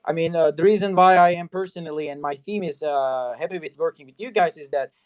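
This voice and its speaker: A man's voice: fairly high pitch, brisk, clean tone, no room sound. Chatty host man with a dry sound. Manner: loose and chatty, leaning heavily on "you know" and "I mean". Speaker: talk show host. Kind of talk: casual interview chat.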